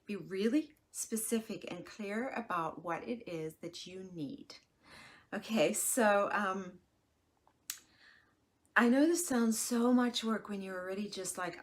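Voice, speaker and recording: An expressive woman in her forties talks through a solo podcast episode. Her delivery is frank and reassuring, she slips into little acted-out voices of herself and others, and she drops to soft near-whispers at times. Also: mid-range voice. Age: 40s. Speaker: podcast host and life coach. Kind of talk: casual solo podcast talk.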